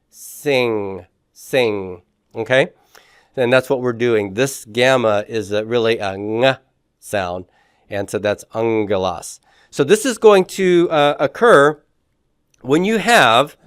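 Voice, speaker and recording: A man teaching a Greek class, repeating sounds slowly and quizzing his students with many fillers. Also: mid-range voice, clear, resonant tone, no echo, studio quality. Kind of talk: classroom lecture.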